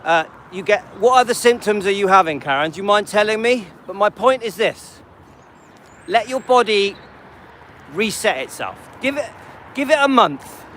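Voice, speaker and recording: High-voiced man chatting to a live audience. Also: expressive, moderate pace, a bit bright, a little hiss or hum. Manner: chatty, checks in with "yeah?" and viewer names; frequent restarts and repetition. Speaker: livestream host. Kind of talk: live stream, answering viewer comments.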